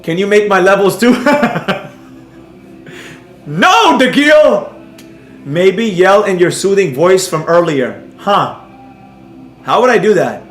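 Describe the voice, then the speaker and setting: A man's voice: high-pitched, a little slow, echoey room. A man teaching a trading class on a livestream, ranting and teasing a viewer in the chat, sometimes switching to a mock-soothing tone. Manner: mocking, animated, mock-soothing at times. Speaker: trading instructor.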